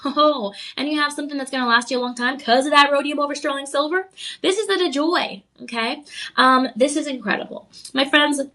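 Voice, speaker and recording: A woman's voice: high voice, brisk, bright, forceful tone. A woman hosting a live jewelry sales show, gushing with enthusiasm, full of ums and little laughs. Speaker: shopping channel jewelry host. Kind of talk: live on-air sales pitch. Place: TV studio.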